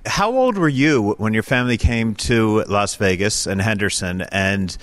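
A man interviewing a restaurant owner, asking plain, measured questions. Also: fairly low pitch, animated, a bit bright.

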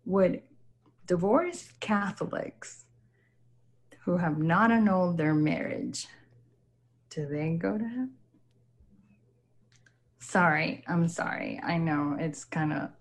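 A woman listener sending a recorded message, hesitant and apologetic, with many pauses. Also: on the low side.

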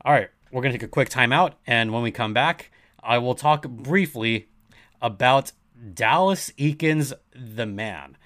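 A man's voice: mid-range voice, a little slow, a bit bright. Earnest man hosting a hockey podcast. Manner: earnest, emphatic, repeats key points. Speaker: podcast host. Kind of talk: sports podcast commentary.

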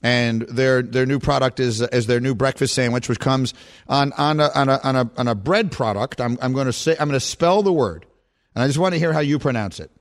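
A middle-aged man hosting a sports talk radio show, animated and chatty as he banters with his co-hosts. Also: medium pitch, fairly quick.

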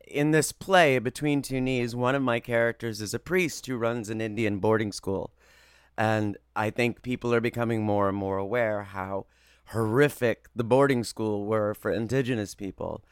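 A man who works as a voice actor, telling stories in an interview in a lively, expressive way. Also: medium pitch, clean tone, no room sound, studio quality. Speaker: voice actor guest. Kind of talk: animated interview storytelling.

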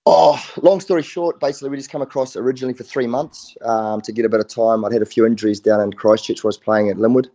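A man's voice: mid-range voice, fairly even intonation, fast, few pauses, warm tone, muffled recording. A middle-aged man with a New Zealand accent, a former rugby player talking casually as a guest, easygoing and full of "mate". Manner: laid-back, says mate a lot. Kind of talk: casual phone interview.

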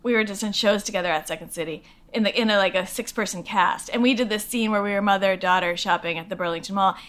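A middle-aged actress from Massachusetts, chatting as an interview guest, self-deprecating and full of fillers. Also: female voice, medium pitch, quick pace, fairly bright tone. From Lexington, Massachusetts. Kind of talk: casual interview chat.

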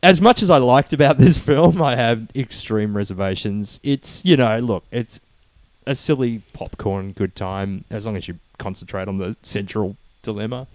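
A man co-hosting a casual film review chat, animated and halting, with many fillers and restarts. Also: on the low side, no room sound.

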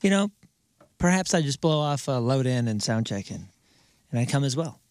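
A male radio co-host in casual studio banter, jokey and quick to laugh. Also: mid-range voice, animated, a little mellow, smooth, no echo.

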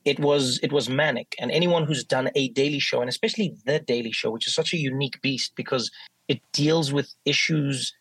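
A middle-aged South African man with a South African accent, a guest telling lively stories in a casual interview and acting out what others said. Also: mid-range voice, a little fast, husky, dry recording, rough recording. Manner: animated, acts out quoted voices.

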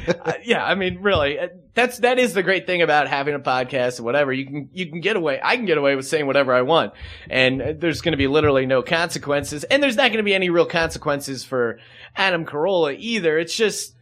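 A man's voice: on the high side, quick pace, fairly bright tone. A man hosting a podcast, ranting in casual chat with sarcastic asides. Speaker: podcast host.

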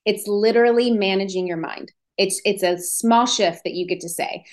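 A woman hosting a podcast, giving an energetic, emphatic motivational talk on business and selling. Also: mid-range voice, moderate pace, hardly any pauses. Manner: energetic, emphatic, acts out inner voices. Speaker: podcast host.

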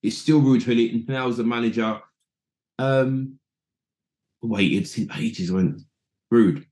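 Animated male storyteller in a roomy space. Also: medium pitch, unhurried. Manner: animated, acts out quotes, restarts a lot. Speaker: former footballer guest. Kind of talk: anecdotal interview storytelling. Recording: roomy echo.

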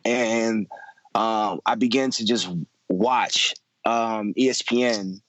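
A man's voice: fairly low pitch, steady tone, slow, a bit bright, dry recording, rough recording. A man in his thirties telling a personal story about his family in a casual, conversational way, full of fillers, repeats and slang.

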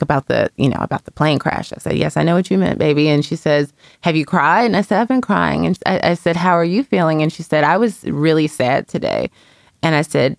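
Low, gravelly woman telling a personal story. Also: no echo, studio quality. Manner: reflective, storytelling, frequent fillers. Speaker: parenting columnist, co-host. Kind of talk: casual podcast conversation.

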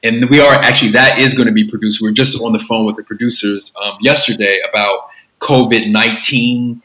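A man's voice: medium pitch, steady tone, fairly quick, bright, forceful tone. A man filmmaker talking casually in an interview, rambling with lots of fillers and restarts. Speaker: filmmaker guest. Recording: roomy echo.

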